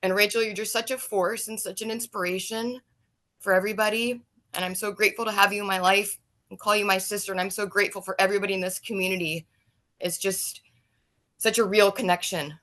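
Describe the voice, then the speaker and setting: Woman on a video call, emotional and earnest, halting speech, mid-pitched voice. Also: fairly even intonation, a bit bright. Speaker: guest on a support call. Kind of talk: heartfelt thank-you on a video call.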